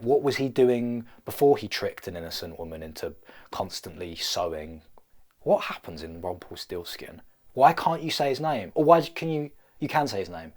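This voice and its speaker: A man's voice: lowish voice, darkish tone, breathy edge. A man riffing through a comedic solo vlog, rambling and self-mocking, often stopping to restart his thoughts. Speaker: vlogger.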